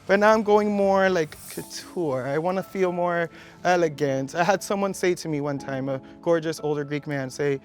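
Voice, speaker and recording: A man's voice: on the high side, normal speed, soft background music. A man of Cuban heritage, a drag queen contestant, talking playfully and gushing in a confessional interview.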